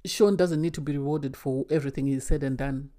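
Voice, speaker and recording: A woman's voice: low-pitched, a little fast, mellow. A woman giving an opinionated spoken recap and review of a reality dating show, emphatic and often exasperated. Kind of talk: casual recap commentary.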